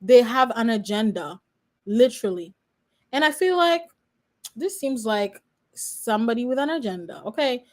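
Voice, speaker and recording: A woman's voice: a little high, animated, moderate pace. A woman in her twenties, a law student reacting live and chatting straight to her viewers. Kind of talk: live reaction stream commentary.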